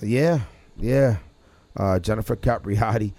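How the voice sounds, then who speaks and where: A man's voice: fairly low pitch, slow, dark tone, no room sound. A man hosting a casual podcast chat, rambling with many restarts and chuckles. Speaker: podcast host.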